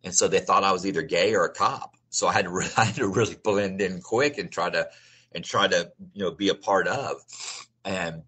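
A man's voice: deep voice, brisk, bright, forceful tone, husky. A middle-aged man telling his life story as an interview guest, speaking earnestly and often restarting and repeating his phrases. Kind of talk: personal testimony in a conversational interview.

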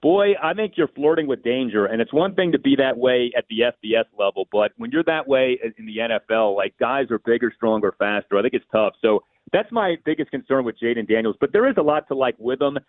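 A man giving measured, opinionated analysis on sports radio, thinking aloud with small restarts. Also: mid-range voice, expressive, no echo. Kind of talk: call-in sports radio talk. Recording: tinny phone line.

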